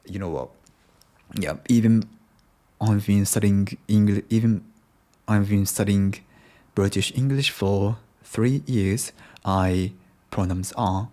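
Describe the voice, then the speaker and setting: A man's voice: fairly low pitch, slow pace, pauses often, dark tone. A young Japanese man with a Japanese accent, hosting a casual solo podcast in English, hesitant and full of restarts. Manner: hesitant, many restarts and self-corrections. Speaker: podcast host.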